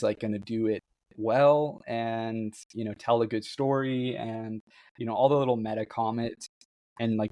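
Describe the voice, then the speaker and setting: An excited man co-hosting a book podcast, chatting casually and laughing often. His voice is mid-pitched and sounds dry and close, with no room echo. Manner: enthusiastic, laughs often, reads quotes aloud. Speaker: podcast co-host.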